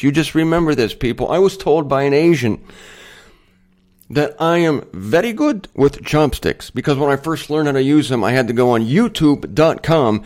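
A man hosts a Bible teaching show, giving a casual monologue that's chatty and digressive, with self-deprecating humor and emphatic points. His voice is a little high, with lively intonation, a moderate pace and a darkish tone.

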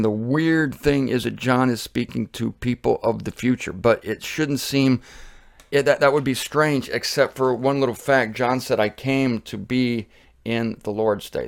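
A man's voice: medium pitch, a little slow, creaky. A middle-aged man teaching the Bible on his own show, reading verses aloud and explaining them in a passionate, conversational way.

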